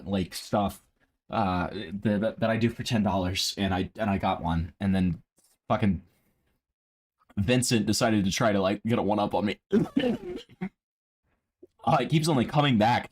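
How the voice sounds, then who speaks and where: A man live-streaming a casual reaction, profane and mocking. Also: fairly low pitch.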